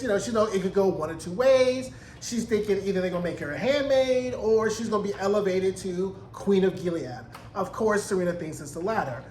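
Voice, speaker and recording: A man giving an animated, profane, sassy recap of a TV episode in casual commentary. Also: high-pitched. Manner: animated, profane, sassy, acts out character quotes. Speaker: TV recap reviewer. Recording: echoey room, faint noise.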